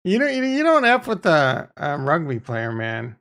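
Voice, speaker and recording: Gravelly, profane crypto streamer man. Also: fairly high pitch, wildly swooping pitch, moderate pace, fairly bright tone. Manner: rambling, profane, off-the-cuff. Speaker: crypto livestream host. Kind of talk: casual livestream chat reading viewer comments.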